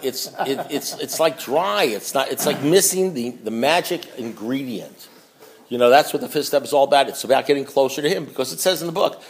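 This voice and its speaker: At a recovery meeting, a man with a mid-pitched voice reads from a book and talks bluntly and emphatically, repeating phrases for emphasis. He drops into low asides, then rises into loud preaching.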